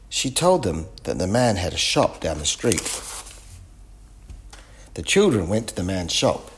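Slow, expressive male storyteller. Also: low voice, a little hiss or hum. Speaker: narrator. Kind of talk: children's storybook reading.

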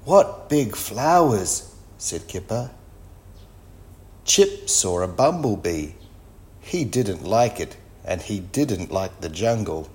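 Reader: low-voiced man, slow and lilting, reading to children. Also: expressive, darkish tone. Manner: slow, sing-song, clearly paced. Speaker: storybook reader. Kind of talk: children's story read-aloud.

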